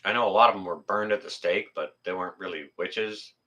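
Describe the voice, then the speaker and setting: A man's voice: deep voice, a little fast, sharp tone. A middle-aged man hosting a casual livestream, rambling and joking as he reads viewer comments, with mild swearing. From Canada. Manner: rambling, joking, swears mildly, laughs at chat. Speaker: livestream host. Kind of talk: casual live chat reading viewer comments.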